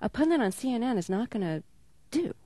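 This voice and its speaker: A woman's voice: on the high side, very animated, brisk, mellow, no room sound. Curious woman interviewer. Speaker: radio interviewer. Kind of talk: radio interview.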